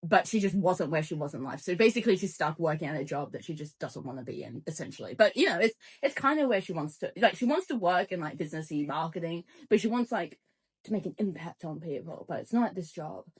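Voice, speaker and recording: A woman's voice: on the low side, expressive, quick pace, husky. A young woman co-hosting a casual book review chat, wry and joking with sarcastic asides. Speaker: book podcast co-host.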